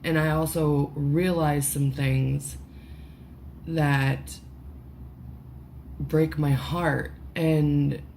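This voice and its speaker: Emotional lady vlogging, slow halting talk, lowish voice, bit of hiss behind. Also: little pitch movement, gravelly, a little mellow. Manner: halting, full of "like" and restarts, swearing. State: emotional, close to tears. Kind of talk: emotional personal vlog. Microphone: headphones with mic.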